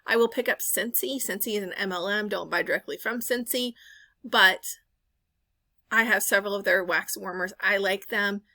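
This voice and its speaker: A woman's voice: medium pitch, moderate pace, pushed and bright, no echo. A woman in her thirties chatting casually in a voice-over about thrift finds, rambling and correcting herself as she goes. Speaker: reseller vlogger.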